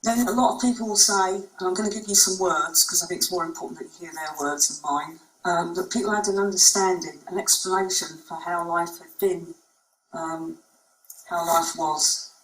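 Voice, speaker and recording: A woman's voice: on the low side, fairly even intonation, normal speed, a bit bright. A woman clinician giving a conference talk, speaking conversationally and unhurriedly with frequent ums. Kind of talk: conference presentation. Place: presentation room. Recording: echoey room, mic far off.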